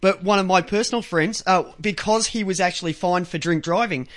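High-pitched dude cohosting, excitable, swears constantly while telling stories. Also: male voice, a little fast. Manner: excitable, profane storytelling. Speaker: co-host. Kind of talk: crude casual radio chat.

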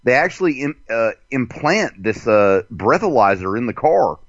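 A man's voice: mid-range voice, normal speed, no echo. Guy hosting a raunchy radio show, voice jumps all over, swears a lot, muffled dry lo-fi sound. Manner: animated, profane, rambling with fillers. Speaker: show host. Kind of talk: crude casual radio chat.

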